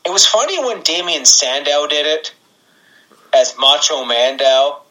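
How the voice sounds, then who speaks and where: A man's voice: a little high, expressive, unhurried, bright, forceful tone, rough recording. A man co-hosting a casual podcast, rambling and sarcastic, swearing and laughing as he talks. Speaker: podcast co-host. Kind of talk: casual wrestling podcast chat.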